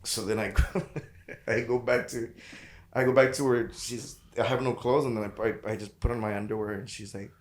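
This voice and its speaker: A man's voice: mid-range voice, steady tone, moderate pace. Man, medium voice, rambling casual storyteller, stammers and swears, roomy echo. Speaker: podcast guest.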